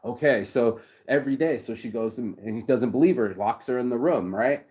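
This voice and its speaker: A man's voice: mid-range voice, a little fast, a little mellow. A man hosting a casual chat, telling stories in a rambling way, repeating words and swearing freely. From United States. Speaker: host.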